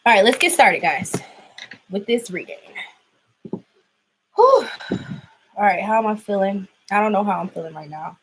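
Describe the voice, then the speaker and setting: A woman's voice: mid-range voice, big pitch swings, moderate pace, pauses often, a bit bright, a little hiss or hum, rough recording. A young adult woman chatting casually through a tarot reading, laughing often. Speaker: tarot reader.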